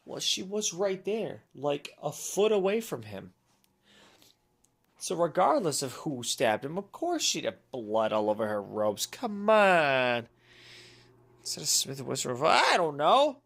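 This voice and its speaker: A woman's voice: low voice, sing-song, measured pace, vocal fry. A woman streamer chatting casually with her viewers while playing, giggly and self-mocking. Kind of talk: live game-stream chat. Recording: game music behind.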